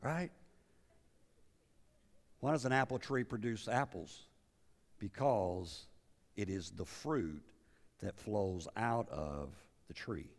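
A man's voice: fairly low pitch, expressive, slow pace, gravelly, long pauses. A middle-aged man preaching a sermon in a conversational way, asking his listeners questions and often restarting his words. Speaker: pastor. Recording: reverberant hall.

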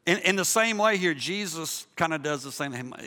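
A man preaching a sermon in a church, animated, moving from loud emphasis to hushed softness, with jokey asides to the congregation. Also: on the high side, moderate pace, in a large hall. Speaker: pastor. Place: church sanctuary.

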